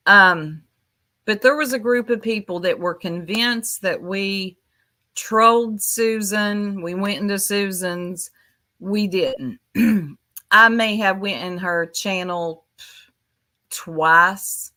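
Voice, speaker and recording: A woman's voice: mid-range voice, pushed and bright. A woman hosting a casual livestream, rambling and chatty as she answers viewers in her chat by name, speaking into a desktop mic. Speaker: YouTube livestream host.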